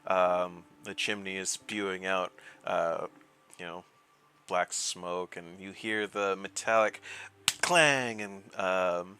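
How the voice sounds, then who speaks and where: A man's voice: deep voice, steady tone, takes it slowly, bright, forceful tone, clean tone. A man narrating a tabletop game as game master, loose and rambling.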